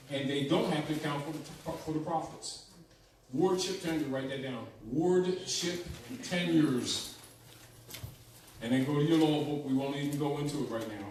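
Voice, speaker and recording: A man's voice: medium pitch, darkish tone. A man giving a teaching lecture, emphatic and repetitive, often checking in with his listeners. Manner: emphatic, repeats points, asks "right?". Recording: echoey room from far off, faint noise.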